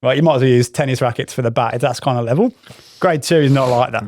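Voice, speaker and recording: A man with a Worcester English accent, a podcast host telling lively anecdotes with plenty of swearing. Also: mid-range voice, quick pace. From Worcester, England. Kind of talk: casual podcast storytelling.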